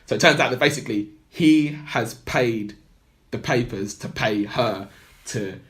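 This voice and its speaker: A man's voice: mid-range voice, unhurried, fairly bright tone. A man on a podcast, casually recapping a film plot in a rambling way full of "like" and "blah blah". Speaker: podcast co-host.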